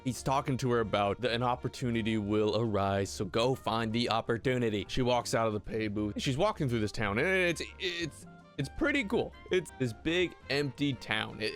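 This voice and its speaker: Sarcastic young man ranting through a recap. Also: a bit bright. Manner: sarcastic, rambling, jumps up in pitch when ranting. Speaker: video commentator. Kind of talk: comedic episode recap.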